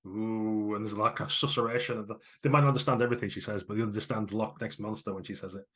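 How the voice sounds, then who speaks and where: A man narrating as game master in a tabletop game, lively and wry. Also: on the low side, husky. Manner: lively, wry, quick asides.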